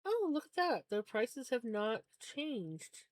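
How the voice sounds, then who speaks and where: A woman's voice: on the high side, very animated, slow pace, no room sound. A woman live streaming in casual chat as she spins yarn, rambling along and laughing easily.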